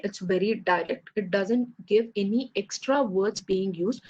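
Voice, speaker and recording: Husky-voiced woman teaching a class. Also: mid-range voice, warm tone, muffled recording. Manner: explanatory, many fillers and checks like "okay, fine". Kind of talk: online class lecture.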